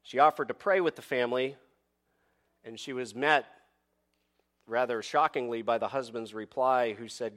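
A man preaching a sermon with dramatic pauses and rhetorical questions, reading scripture and telling a story to his congregation. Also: mid-range voice, a bit bright. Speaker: pastor.

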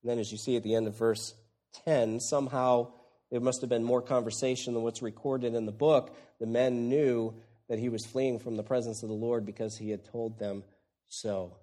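A man preaching an expository sermon, moving between hushed lines and loud, exclaiming ones. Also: medium pitch, moderate pace. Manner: animated, swings from hushed to exclaiming.

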